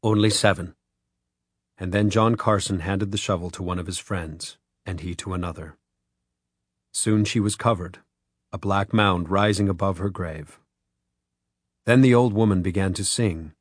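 Male audiobook narrator, measured, low voice, husky, dry close recording. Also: no echo. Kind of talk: scripted narration.

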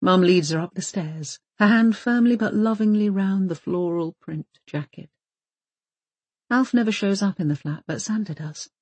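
A woman narrating an audiobook in a calm, measured reading. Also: mid-range voice, no echo.

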